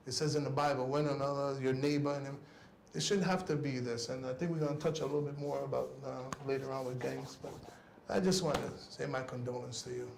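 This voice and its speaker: A man speaking as a guest on a cycling talk show, giving an earnest, halting spoken tribute that often trails off softly. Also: medium pitch, vocal fry, echoey room, background noise.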